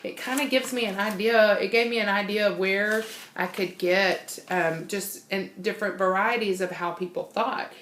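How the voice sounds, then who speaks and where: A woman's voice: mid-range voice, steady tone, normal speed, a bit bright, reverberant, slight background noise. A woman giving an informal, bubbly personality-type training talk, laughing often and unable to sit still.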